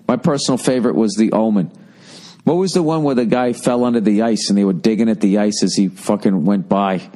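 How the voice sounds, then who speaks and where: A man's voice: fairly low pitch, warm tone. Profane rambling man reading listener mail. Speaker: podcast host. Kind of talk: casual comedic rant, reading listener mail.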